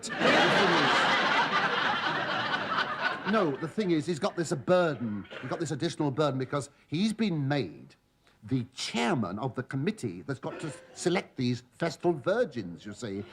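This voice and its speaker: An actor playing a cheeky middle-aged slave who tells the audience the prologue with camp, innuendo-laden asides. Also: male voice, fairly high pitch, big pitch swings, normal speed, a bit bright, slight background noise. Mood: gossipy. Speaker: narrator of the prologue. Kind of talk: sitcom stand-up address. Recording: live studio audience laughter.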